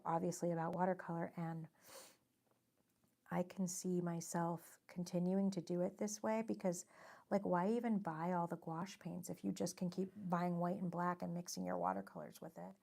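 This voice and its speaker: A woman's voice: fairly low pitch, moderate pace, gravelly, a little mellow. A woman hosting a casual painting livestream, chatting in a friendly, self-deprecating way and reading viewer comments aloud. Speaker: livestream host and watercolor artist.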